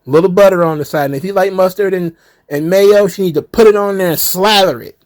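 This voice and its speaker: A man's voice: sits high, fairly quick, darkish tone, no room sound. A man hosting a wrestling commentary show, ranting in a heated, sarcastic way with swearing. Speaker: wrestling commentary channel host.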